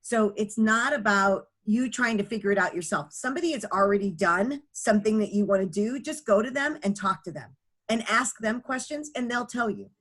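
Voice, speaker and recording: A middle-aged woman who founded a nonprofit tells her story as a guest, earnest and chatty, with plenty of fillers. Her voice is medium in pitch, a bit bright, and moves at a normal speed.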